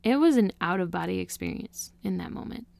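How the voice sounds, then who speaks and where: A woman speaks as an interview guest, telling a deeply personal story in an earnest, emotional way. Her voice sits low for a woman and carries a gravelly fry, and the sound is dry and close. She talks casually, with many "you know" and "like" fillers. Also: lively intonation, a little fast, darkish tone, dry recording.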